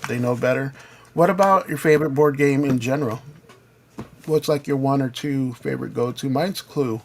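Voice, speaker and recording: A mid-pitched man hosts a relaxed gaming hangout, joking and asking his co-hosts questions. A faint noise sits behind his voice. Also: moderate pace. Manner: joking, asks the others questions. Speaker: host. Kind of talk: casual chat.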